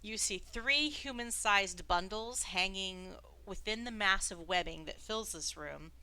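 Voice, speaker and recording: A woman's voice: medium pitch, measured pace, sharp tone, smooth. A woman narrating a tabletop game as dungeon master, describing scenes and laughing often.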